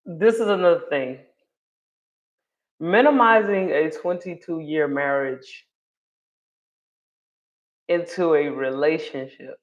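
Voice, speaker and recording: Over lo-fi audio, a deep-voiced woman in her thirties talks slowly, leaving long pauses. As a vlogger commenting on a clip, she keeps things casual and chatty, full of fillers and regular laughs.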